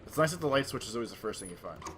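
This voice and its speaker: A man's voice: fairly low pitch, expressive, very fast, noisy background. A man hosting a let's play, giving casual gameplay commentary with joking, offhand asides.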